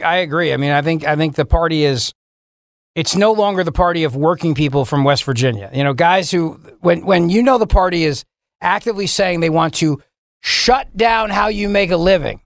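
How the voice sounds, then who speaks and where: A man's voice: a little high, no echo, studio quality. Sarcastic talk-radio host man. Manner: indignant, sarcastic, mocking asides. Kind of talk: political talk radio commentary. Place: radio studio. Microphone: studio microphone.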